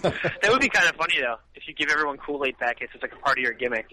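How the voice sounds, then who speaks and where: A teasing man calls into a podcast from outside in the cold wind and laughs often. His voice is lively and fairly high. The call comes through with heavy noise. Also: very fast. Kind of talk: comedic banter.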